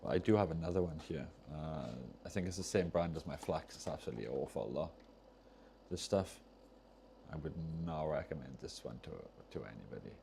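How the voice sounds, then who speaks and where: Chatting casually on a livestream as he solders controllers, a man meanders, cuts himself off, and loses his train of thought. His very low voice is soft, mellow, and gravelly, his pace fairly quick, with a faint hiss in the background.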